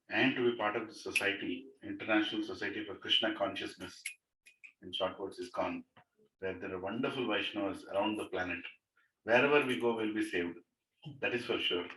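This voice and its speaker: A man leading a devotional gathering in a home, telling a story animatedly, chuckling and often asking "right?". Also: fairly low pitch. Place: living room of a home. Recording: echoey room, mic far off, faint noise.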